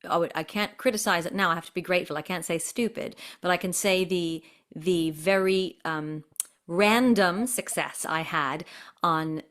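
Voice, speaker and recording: A lively woman guest spins a long story in a chatty, animated way and keeps breaking into little voices. Her voice sits a touch low for a woman. She comes through a video call. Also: normal speed. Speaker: guest performer and impressionist. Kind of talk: casual interview storytelling.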